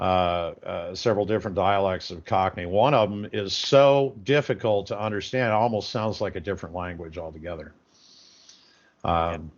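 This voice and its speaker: Low-pitched co-host, rambles with lots of uhs, dull lo-fi audio. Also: male voice. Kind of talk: casual call-in chat.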